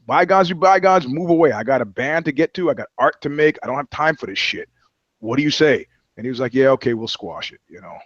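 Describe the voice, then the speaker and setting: A man's voice: mid-range voice, expressive, fast talker, no room sound, muffled recording. A man talking as a podcast guest, telling loose, profane anecdotes in casual chat. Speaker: guest, touring musician.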